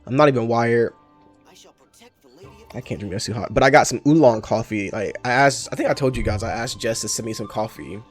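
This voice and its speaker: A man's voice: medium pitch, a little fast, soft background music. Rambling casual young man streamer. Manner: rambling, self-correcting, swears freely. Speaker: game streamer. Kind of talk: casual chat while playing a game.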